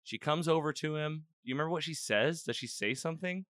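Male host, casual recap chat; bright, crisp tone, dry studio sound. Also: a little high, a little fast, no echo. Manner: rambling, animated retelling with quoted lines. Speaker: podcast host.

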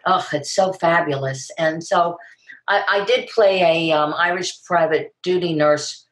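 An older actress tells stories in a casual interview, bursting into acted-out quotes along the way. Her voice sits a little low. The room is noticeably echoey around her. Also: unhurried. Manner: animated storyteller, acts out quotes with big pitch jumps.

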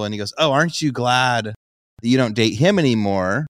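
A man's voice: mid-range voice, fast, fairly bright tone, dry recording, clean studio sound. A man co-hosting a podcast, chatting casually and telling a rambling story, acting out other people's voices in it. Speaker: podcast co-host.

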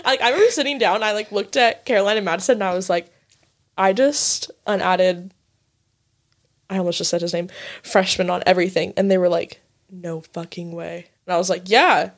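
On a podcast she co-hosts, a woman in her twenties tells a story in casual chat, talking fast, swearing and laughing as she goes. She leans heavily on "like," and her ordinary middle-pitched voice keeps a steady tone.

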